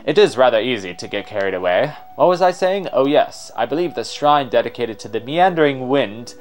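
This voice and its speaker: A man's voice: mid-range voice, animated, a little fast, soft background music, natural voice. A man voicing a pompous, long-winded male explorer with a posh British accent and a theatrical manner. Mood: enthusiastic. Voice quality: theatrical, grandiose. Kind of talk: let's play voice-over.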